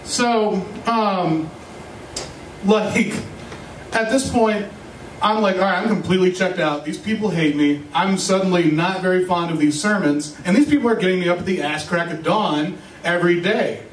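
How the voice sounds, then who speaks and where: A young man doing stand-up, telling a rambling, self-mocking story with quick asides. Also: high voice. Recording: echoey room, mic a bit far, faint hiss.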